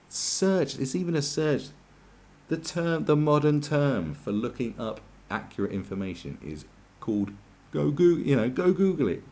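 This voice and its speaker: A man delivers a profane, sarcastic rant. His pitch swings widely as he mocks and complains, his exasperation plain in every jab. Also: mellow. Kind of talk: ranting commentary.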